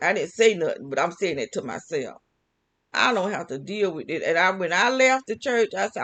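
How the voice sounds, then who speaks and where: A woman's voice: on the low side, very animated, a little fast, fairly bright tone. A woman vlogger talks through a personal church story in a loose, rambling style. She breaks into laughter often and restarts sentences mid-thought. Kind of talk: casual spoken testimony.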